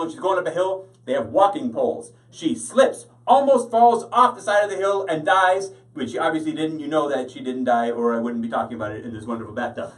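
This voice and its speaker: A man doing a stand-up comedy set in a deadpan, rambling way, full of fillers and restarts, heard from away from the mic. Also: a little high. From Canada. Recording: voice from far off the mic.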